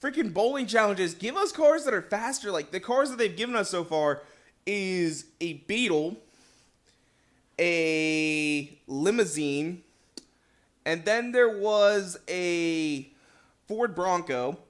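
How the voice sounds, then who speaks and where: Male gaming host, young adult, high-pitched, excitable casual commentary with quick shifts in volume. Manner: excitable, chatty, jumps between loud outbursts and quiet asides. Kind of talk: casual let's play commentary.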